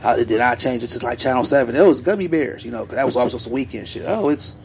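A man co-hosting a podcast, telling stories in a loose, animated way with plenty of slang and asides. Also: medium pitch, fast, creaky, a little hiss or hum. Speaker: podcast co-host. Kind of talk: casual podcast chat.

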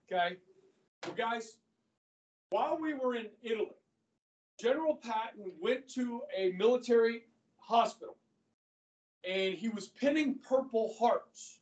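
A male history teacher lecturing his class, telling the story in an animated way and often calling the students "guys". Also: high-pitched. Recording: echoey classroom from far off.

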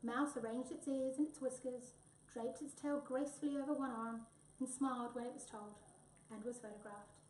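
A woman reads a children's storybook aloud, lively and expressive. Her voice is somewhat high. She sounds distant, in a roomy, echoing space. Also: moderate pace, slight background noise. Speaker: reader. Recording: echoey room, voice from far off.

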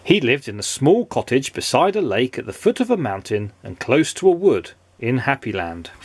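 A man's voice: mid-range voice, big pitch swings, moderate pace, slightly rough, dry recording. A father reading a children's story aloud in a playful, sing-song way.

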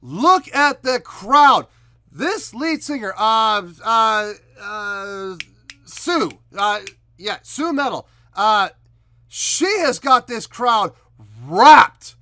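A man hosting a music reaction video, excitedly commenting and explaining what he hears. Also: sits high, very slow. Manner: animated, exclaiming, explaining guitar technique.

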